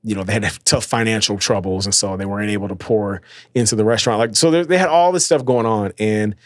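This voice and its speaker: A man's voice: on the low side, fast, dry recording, clean studio sound. A man hosting a casual motivational podcast, talking loosely with lots of fillers and slang. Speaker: podcast host.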